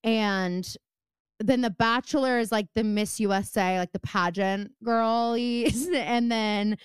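A young woman hosts a casual podcast chat, giggling often and tumbling through filler words and quoted asides. Her voice sits a little high and comes across smooth and clear. The sound is dry and close. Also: steady tone, slow, no room sound. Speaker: podcast host.

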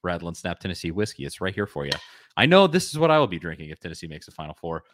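Lively low-voiced man hosting a sports podcast. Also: very fast, a little hiss or hum. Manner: excitable, shouts and laughs when worked up. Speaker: podcast host. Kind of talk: casual sports podcast chat.

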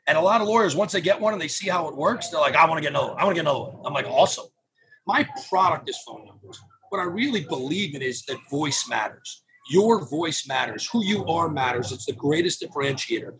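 High-voiced animated man talking business. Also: a little fast, a crowd in the background. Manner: animated, acts out clients' quotes. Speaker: podcast guest, phone number business owner. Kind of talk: casual interview talk.

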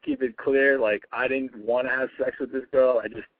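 A man on a dry, tinny phone line, calling in to a show. He rambles sheepishly, packing his talk with fillers. His voice sits in a middle pitch. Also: fairly even intonation, normal speed, no room sound. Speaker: caller. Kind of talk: casual phone call.

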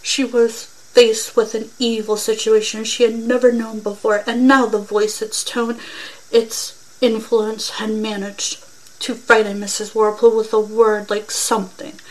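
A woman's voice: on the high side, unhurried, poor audio. Woman reading a story aloud. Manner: plain, steady reading with small slips. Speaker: storyteller podcaster.

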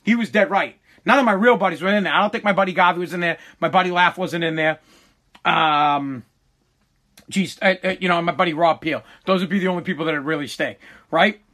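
A man with a high, sharp-edged voice tells a rambling story and swears at every turn. He stumbles, restarts and repeats himself as he pushes ahead, always casual and animated. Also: brisk. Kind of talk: profane comic storytelling.

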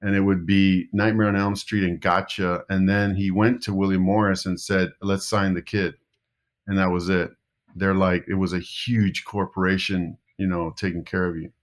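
A man's voice: deep voice, little pitch movement, normal speed. A middle-aged man, an actor, telling rambling anecdotes in a casual interview, often restarting his sentences. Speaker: actor guest.

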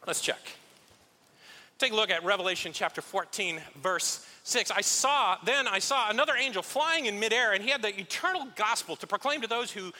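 A male pastor delivers a casual, story-driven sermon, slipping into little acted scenes and gentle jokes at his own expense. His voice sits high and swings widely in pitch, with a very bright, sharp edge. It rings out in a long, reverberant church hall. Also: animated, moderate pace. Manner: conversational, self-deprecating, acts out little scenes.

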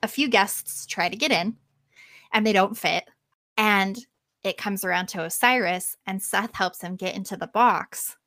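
Casting: casual, lively woman storyteller, middle pitch, dry studio sound. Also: a little slow, no room sound. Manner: lively, casual swearing, acts out quotes. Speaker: podcast host.

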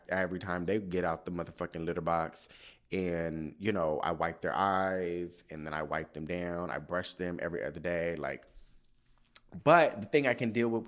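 A man hosting a casual solo podcast, ranting in an animated, profane way and acting out his own quoted asides. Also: low-pitched. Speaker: podcast host.

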